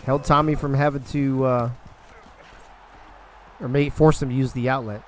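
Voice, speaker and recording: A man's voice: mid-range voice, steady tone, normal speed, a little hiss or hum. A young man calling a football video game live on a stream, loose and profane, talking to his chat between plays.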